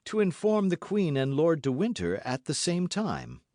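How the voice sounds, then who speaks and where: A man's voice: on the high side, very animated, normal speed, darkish tone, dry recording, studio quality, voice pushed up. A man voicing a composed, scholarly musketeer with a precise, courteous manner, in an audiobook. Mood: thoughtful.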